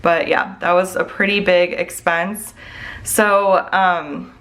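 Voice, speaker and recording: A woman's voice: on the low side, fairly even intonation, slow pace, a bit bright. A woman vlogger and mom chatting casually to her viewers. She rambles candidly and sounds worried, filling her talk with "like" and "I don't know.".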